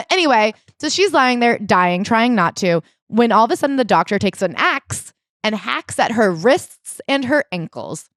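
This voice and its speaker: A woman co-hosting a casual book-club podcast, retelling a story in an animated way with quoted voices. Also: fairly high pitch, moderate pace, no room sound, clean studio sound. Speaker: podcast co-host.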